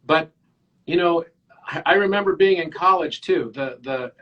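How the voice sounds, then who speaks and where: A man in his fifties, a podcast guest, talking earnestly and telling animated stories. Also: fairly high pitch, normal speed, highs cut off. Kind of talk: casual interview chat.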